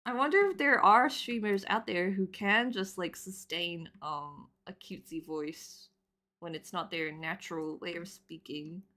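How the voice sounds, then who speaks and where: A woman in her twenties chatting casually while she draws on stream, rambling with lots of fillers and laughing loudly and often. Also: lowish voice, unhurried. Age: 20s.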